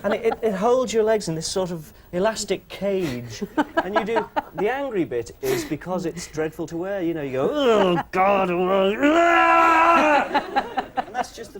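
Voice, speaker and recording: Giggly manic man, animated. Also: sits high, brisk, a crowd in the background. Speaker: comedian guest. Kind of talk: casual chat show interview. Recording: noisy TV recording.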